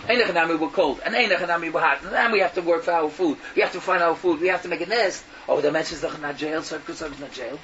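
An older storyteller tells a folk tale in a high voice, peppering it with Yiddish phrases and restarting mid-sentence as he jumps energetically between characters. He talks quickly with hardly any pauses, far from the mic, on a dull lo-fi recording with faint hiss.

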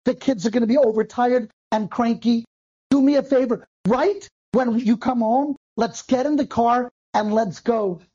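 A man quoting his patient, practical wife in a calm, gently insistent way. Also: very high voice, normal speed, breathy edge. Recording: dull lo-fi recording.

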